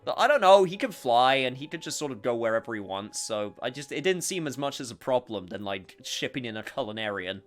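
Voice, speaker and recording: A man's voice: medium pitch, sing-song, fairly quick, few pauses, soft background music. A man streaming a game, chatting casually and reading its dialogue aloud. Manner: chatty, rambling with restarts.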